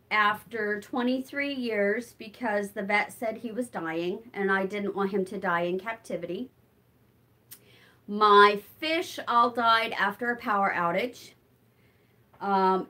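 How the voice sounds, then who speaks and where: An older woman chatting casually on a live stream while doing chores at home and reading out viewer comments. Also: medium pitch. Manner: chatty, warm toward her cats, answers viewer comments. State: winded from walking. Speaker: vlogger. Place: her home, moving between rooms.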